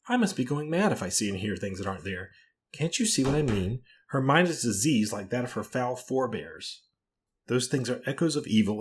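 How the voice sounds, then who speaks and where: A man voicing a forceful, indignant middle-aged woman, the rector's wife, who speaks insistently. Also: on the low side, lightly acted. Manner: insistent and forcible.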